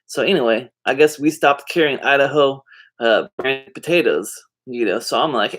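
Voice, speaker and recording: A man's voice: mid-range voice, moderate pace, a bit bright. A man talking casually to the camera in a vlog, rambling and drifting off topic, with many fillers and easygoing slang. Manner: laid-back slangy talk. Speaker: vlogger.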